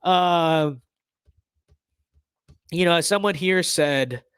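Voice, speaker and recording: A man's voice: on the high side, extremely slow, fairly bright tone, smooth, dry recording. A man hosting a political commentary show who talks in a sarcastic, mocking way, with lots of fillers and restarts. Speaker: host.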